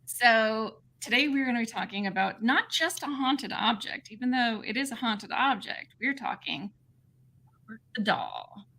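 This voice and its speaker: A woman's voice: a little high, unhurried, sharp tone. A woman co-hosting a casual livestream, bubbly and laughing, greeting viewers by name. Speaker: livestream co-host.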